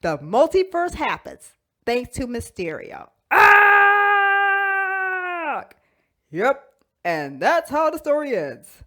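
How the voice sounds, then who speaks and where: A woman hosting a toy channel, telling a fan story in a casual, animated way with frequent giggles. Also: on the high side, a little slow.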